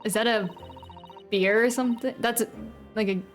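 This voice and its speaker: A woman's voice: a little high, steady tone, moderate pace, soft background music. A woman streamer in casual let's-play commentary, chatty and self-deprecating, laughing often.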